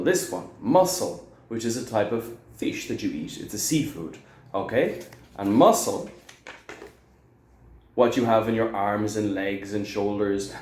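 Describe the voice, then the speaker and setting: A man's voice: lowish voice, darkish tone. Man teaching English in an echoey room. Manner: explains slowly, stressing words, checks with "okay?". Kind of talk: video lesson.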